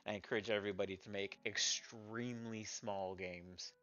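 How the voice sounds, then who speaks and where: Over soft background music and dull audio, a man who develops indie games and streams talks at a moderate pace in a lowish voice with fairly even intonation and a fairly bright tone. He casually rambles through his small games, self-deprecating and full of fillers.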